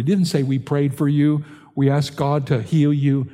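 Older male pastor, earnest sermon delivery, a touch high-pitched, recorded in a big echoing sanctuary. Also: moderate pace, warm tone. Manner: earnest preaching, rising in pitch and force when stressing points.

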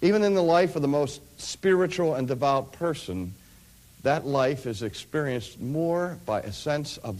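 A middle-aged man preaching a sermon, telling stories and swinging from hushed, quiet phrases to loud, rising climaxes. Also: mid-range voice.

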